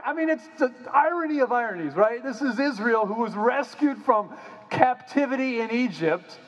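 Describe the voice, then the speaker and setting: A man preaching a sermon as pastor, animated and casual, often repeating words when he restarts a phrase. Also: very high-pitched, normal speed, long reverb tail, low-quality recording.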